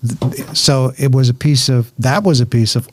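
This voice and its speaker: A man's voice: medium pitch, fairly even intonation, moderate pace. A man hosting a casual interview, a chatty storyteller who jokes and laughs often. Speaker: host.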